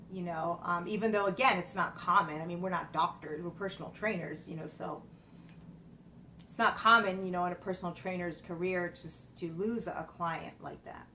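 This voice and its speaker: A middle-aged woman, a personal trainer, telling a personal story in a halting, emotional way with many fillers and restarts. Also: on the low side, pushed and bright, slight background noise.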